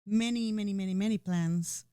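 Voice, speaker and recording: A woman's voice: medium pitch, normal speed, mellow, clean tone, dry recording. Woman, mid-range voice, earnest and emotional, candid talk, dry close sound. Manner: emotional, earnest, with frequent restarts and "you know". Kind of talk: candid personal conversation.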